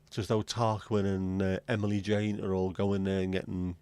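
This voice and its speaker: A man's voice: sits low, level tone, moderate pace, darkish tone, clean tone, dry recording. A man hosting a livestream, chatting casually and rambling from one joke to the next as he addresses his viewers. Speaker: livestream host.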